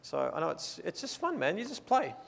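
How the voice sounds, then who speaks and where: A man's voice: high-pitched, big pitch swings, fairly quick, vocal fry, a bit bright, in a large hall, slight background noise. An Australian man presenting a photography seminar in a casual, enthusiastic, playful way, mixing talk with live posing directions.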